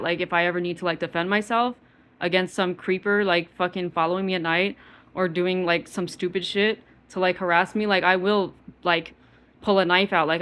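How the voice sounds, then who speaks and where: Heated young woman venting, low-pitched. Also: a bit bright. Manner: profane, heated, heavy use of filler "like". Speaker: vlogger. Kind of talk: angry personal monologue.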